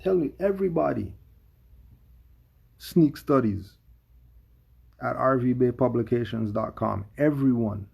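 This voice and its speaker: Male streamer, mid-pitched, raspy and fried, emphatic and questioning. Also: measured pace, long pauses, darkish tone. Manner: emphatic, full of rhetorical questions. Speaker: commentator. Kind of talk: livestream commentary.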